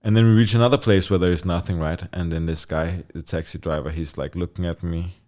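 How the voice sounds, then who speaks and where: Young man, very deep voice, rambling storyteller who swears and laughs, studio podcast guest. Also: fast talker. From Denmark. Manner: animated, laughing storyteller, heavy use of "like", swears freely. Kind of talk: casual storytelling.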